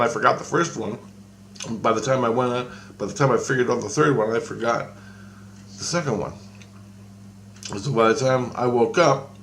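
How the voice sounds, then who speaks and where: Gravelly man rambling through a story. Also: medium pitch, fairly bright tone, a little hiss or hum. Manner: rambling, with many restarts and quoted dialogue. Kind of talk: casual storytelling monologue.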